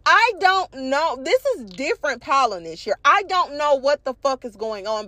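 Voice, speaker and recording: A young woman, congested from allergies, telling a profane, animated story to her viewers and calling them y'all. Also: sits high, normal speed, few pauses, no room sound. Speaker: vlog host. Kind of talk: casual storytelling rant.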